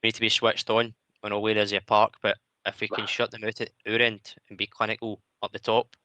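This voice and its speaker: A man hosts a football phone-in and sums up points in a calm, agreeable way. His voice is low and even, with a bright, forward tone. The sound is close and dry. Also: brisk, no room sound. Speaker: radio show host. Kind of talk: casual football phone-in chat.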